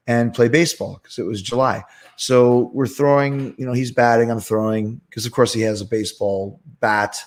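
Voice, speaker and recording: Profane storytelling male host. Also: mid-range voice. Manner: animated, profane anecdote telling. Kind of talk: casual storytelling.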